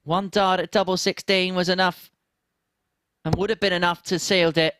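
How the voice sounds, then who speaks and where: A man giving live darts commentary, calling scores and finishes with measured play-by-play and dry asides. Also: sits high, little pitch movement, a bit bright, a little hiss or hum.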